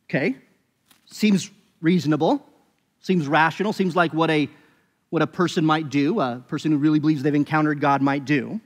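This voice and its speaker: A man's voice: fairly high pitch, normal speed. A man preaching a sermon as pastor, talking conversationally with emphatic rises and frequent restarts. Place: church sanctuary. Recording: long reverb of a church hall.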